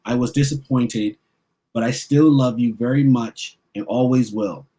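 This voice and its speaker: A man voicing a patient father in a picture book, calmly teaching his son. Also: medium pitch, unhurried, natural voice. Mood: gentle. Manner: calm, gentle, instructive.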